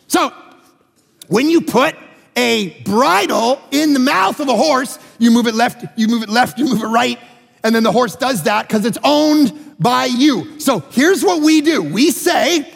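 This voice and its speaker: Male pastor mid-sermon: high, gravelly voice, animated, acts out characters, big reverberant church. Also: moderate pace. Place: church auditorium. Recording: large hall with long reverb.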